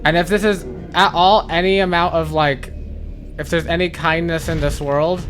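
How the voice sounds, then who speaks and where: A man's voice: on the high side, steady tone, moderate pace, fairly bright tone, soft background music. A man giving blind playthrough commentary on a game, jumpy and swearing, who repeats panicked phrases over and over. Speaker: gaming channel host.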